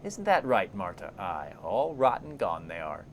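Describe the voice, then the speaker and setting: A man's voice: low-pitched, sing-song, a little slow, slight background noise, full character voice. A man voicing a cranky old woman who picks at corpses and mutters to herself in broken grammar. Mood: muttering. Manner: muddled grammar, talks to herself. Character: shrieking mumbling old female corpse-picker, cranky.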